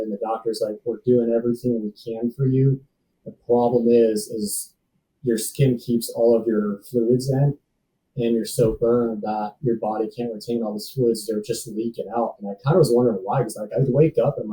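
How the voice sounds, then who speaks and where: A man's voice: medium pitch, mellow, recorded from a distance, slight background noise, rough recording. A man telling a personal story as a podcast guest, laid-back, acting out other people's lines. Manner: laid-back, acts out dialogue, says "dude" and "man" often.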